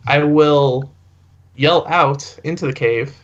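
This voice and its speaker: A man's voice: on the high side, fairly even intonation. A man playing a tabletop role-playing game, talking playfully and hesitantly. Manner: playful, hesitant, drawn-out speech. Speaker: player. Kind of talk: casual tabletop role-play. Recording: dull lo-fi mic.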